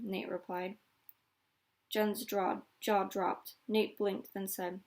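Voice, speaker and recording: A woman teacher reading a children's novel aloud in a steady, clear storytelling manner. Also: mid-range voice, slow pace.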